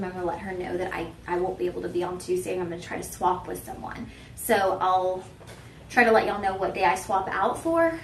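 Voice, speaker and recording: A woman's voice: mid-range voice, vocal fry, fairly bright tone, slight background noise. Chatty, roomy-sounding shopping host woman. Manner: chatty and self-teasing, talks straight to viewers. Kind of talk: live shopping presentation.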